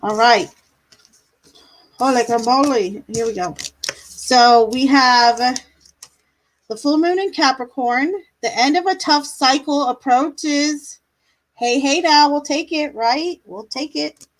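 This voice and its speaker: A woman's voice: high-pitched, slow, long pauses, slight background noise, poor audio. A woman doing tarot readings on a live stream, chatty, laughing now and then, drawing out her words. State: yawning, a bit tired. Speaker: tarot reader.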